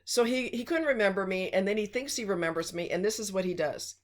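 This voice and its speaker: A woman's voice: mid-range voice, quick pace. Woman ranting blunt dating advice, exasperated, punchy, casual vlog. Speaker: relationship advice vlogger. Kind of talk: casual monologue.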